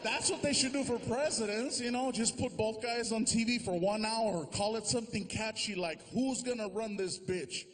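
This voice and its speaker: A man doing stand-up comedy on a large theater stage, animated, switching quickly into character voices. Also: high-pitched, a little hiss or hum. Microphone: stage microphone.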